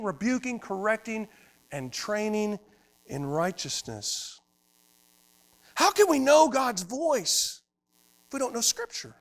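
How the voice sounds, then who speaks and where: A man preaching a sermon as pastor, swinging from loud emphatic lines to hushed quiet ones. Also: extremely high pitch.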